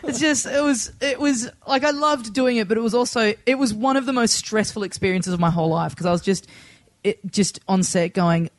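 A man's voice: sits high, fairly even intonation, a little fast, no room sound. A man hosting a podcast, telling jokey, self-deprecating stories. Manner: jokey, self-deprecating storyteller, laughs a lot. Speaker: podcast host. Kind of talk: casual podcast chat.

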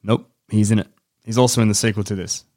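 Excitable, sweary man chatting. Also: lowish voice, quick pace. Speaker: podcast co-host. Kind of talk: casual chat.

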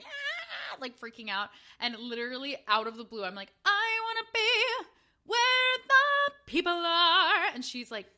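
A woman co-hosting a podcast in casual chat, telling stories in an animated, theatrical way. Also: a little high. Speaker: podcast co-host.

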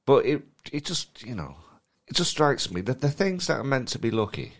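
A man co-hosting a podcast, chatty and animated, laughing often. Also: medium pitch, normal speed. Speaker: podcast co-host. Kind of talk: casual chat.

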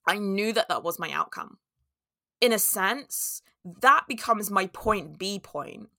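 A woman's voice: medium pitch, big pitch swings, slow, pushed and bright, dry recording, clean studio sound. A young woman telling a candid, reflective personal story in a monologue, now and then acting out her own inner voice.

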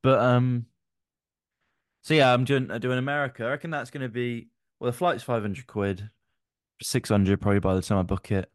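A man's voice: medium pitch, no echo, clean studio sound. A sweary young man spinning tales. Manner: animated storytelling, swearing, quick shifts to loud re-enacted quotes. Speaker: podcast co-host. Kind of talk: casual banter.

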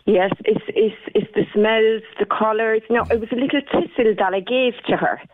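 An Irish woman with a fairly high voice comes through a thin, tinny phone line. She is a florist talking casually on the radio, chatty and rambling with plenty of ums. The call sounds narrow and boxy, like a telephone. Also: steady tone, normal speed, slight background noise. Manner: chatty, warm storytelling with many fillers.

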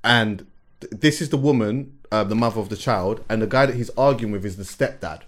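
A man hosting a podcast in casual chat, telling stories in an animated way and often repeating words as he gathers his thoughts. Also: fairly low pitch, fairly quick. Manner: animated storyteller, repeats words while thinking, laughs as he tells stories. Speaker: podcast host.

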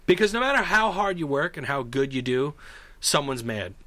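A man with a fairly high voice co-hosts a casual chat, recorded with no room sound, at a moderate pace. He tells stories energetically, acting out other people's voices, including shouting ones.

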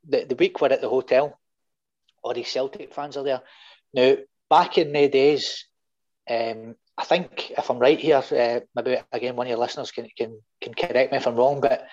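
Middle-aged Scottish guest, lively yarn-spinner, mid pitch, muffled audio. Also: male voice. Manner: animated anecdotes with swearing and voiced quotes. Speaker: guest fan. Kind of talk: casual storytelling.

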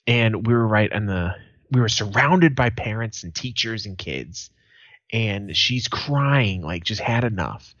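A podcast co-host with a fairly low-pitched voice tells profane stories in a casual chat, doing animated voices for the people he quotes. He speaks unhurriedly, and the recording is dry and lo-fi.

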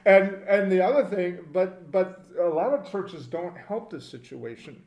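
A man's voice: high-pitched, unhurried, darkish tone, echoey room, lo-fi sound. A man co-hosting a podcast, chatting in a wry, laid-back way. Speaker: podcast co-host. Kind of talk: casual chat.

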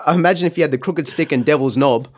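A man's voice: fairly high pitch, racing. An Australian man hosting a podcast in casual chat, rambling, laughing often and swearing freely. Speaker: podcast host.

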